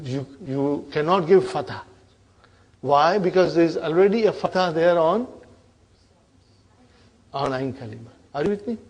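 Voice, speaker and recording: A man's voice: fairly high pitch, darkish tone. A middle-aged man teaching an Arabic grammar class, drilling forms and often checking whether the students follow. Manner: prompting students with "huh?".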